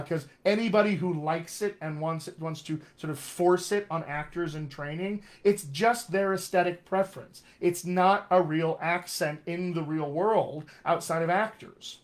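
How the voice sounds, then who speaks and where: A dialect coach, a man, talks through a live-streamed accent lesson in a loose, conversational way. He is emphatic and openly opinionated, and his voice sits a little higher than most men's.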